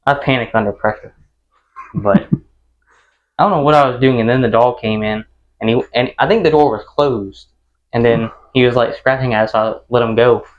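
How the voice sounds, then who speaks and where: A young man co-hosting a podcast in casual chat, excitable and dropping "bro" often. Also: mid-range voice, normal speed, dull audio. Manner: excitable, says "bro" a lot. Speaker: podcast co-host.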